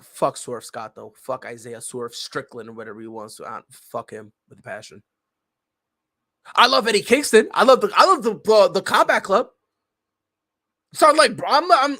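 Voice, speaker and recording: A man's voice: sits high, bright, forceful tone. A man hosting a podcast, ranting in a casual, heated and profane way with lots of swearing. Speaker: podcast host.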